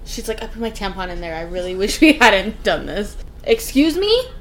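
A woman's voice: medium pitch, very animated, moderate pace, a bit bright, a little hiss or hum. A young woman co-hosting a podcast, reacting to a movie in a brash, profane, mocking way. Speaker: podcast co-host. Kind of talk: casual movie-reaction chat.

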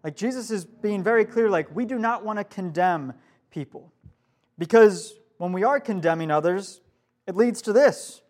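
A young man leads a youth group sermon in front of a live room, speaking in a light, high-pitched voice. He keeps it casual and conversational, stopping to ask his listeners questions. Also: normal speed, darkish tone. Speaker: youth pastor.

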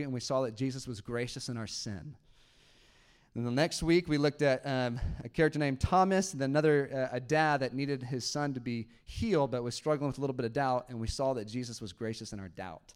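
A man's voice: mid-range voice, clear, resonant tone. A man in his thirties preaching a sermon to his church on a handheld mic, talking conversationally and joking with the congregation. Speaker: pastor. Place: church auditorium. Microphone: handheld microphone.

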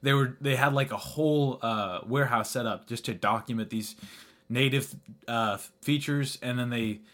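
A man's voice: medium pitch, normal speed, a bit bright. A young man hosting a casual podcast chat, rambling with restarts, laughing often and swearing casually. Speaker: podcast host.

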